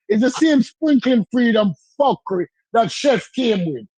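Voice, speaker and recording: A man's voice: very high voice, animated, normal speed, hardly any pauses, a little mellow, a little hiss or hum, rough recording. A man ranting in a heated podcast debate, building his point with repetition and mocking chants.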